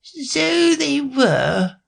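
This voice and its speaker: A man voicing a small, sleepy dormouse with a hoarse, feeble voice in an audiobook. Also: very high-pitched, sing-song, pitched above the performer's own voice, heavily acted. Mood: drowsy. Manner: drowsy, slow. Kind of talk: audiobook character voice.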